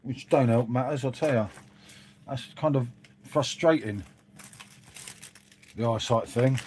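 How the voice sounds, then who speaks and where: A man's voice: medium pitch, unhurried, darkish tone, slight background noise. Chatty man on a livestream. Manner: chatty, rambling, says "mate" a lot, reads and answers viewers. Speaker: livestream host. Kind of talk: casual live-stream chat. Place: dim room at home.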